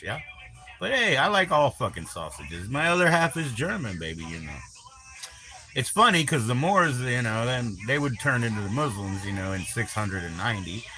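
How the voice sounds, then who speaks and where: Male streamer, bright edgy voice, rambling and foul-mouthed, teases his viewers off the cuff. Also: on the low side, a little hiss or hum. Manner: crude, rambling, teasing, swears constantly. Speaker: livestream host. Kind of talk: rambling live-stream chat.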